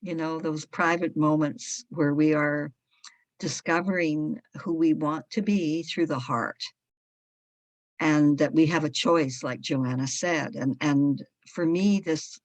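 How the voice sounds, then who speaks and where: A woman's voice: sits low, fairly even intonation, slow, no room sound. A woman hosting an online group conversation, thanking guests and reflecting in a thoughtful, hesitant way. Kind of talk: casual reflective chat.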